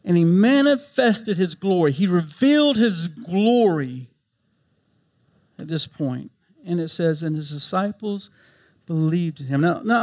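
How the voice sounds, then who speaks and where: A pastor with a high voice delivers a sermon. He drops to soft, quiet reassurance, then rises into emphatic, impassioned stretches, pressing each point. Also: animated, unhurried. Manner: impassioned preaching that swings from hushed to emphatic.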